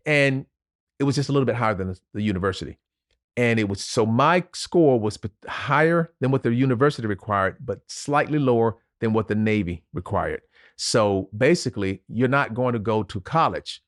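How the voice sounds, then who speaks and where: A man's voice: mid-range voice, no room sound, clean studio sound. A man, a retired Navy officer telling a personal story as a podcast guest in an earnest, emotional way. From Louisiana, USA. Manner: earnest, emotional, vivid retelling with pauses.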